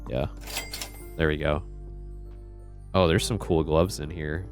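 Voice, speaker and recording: A man's voice: extremely low pitch, fairly even intonation, slow pace, soft background music. A man streaming a game, chatting casually, easily flustered and laughing often. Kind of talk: casual live-stream chat.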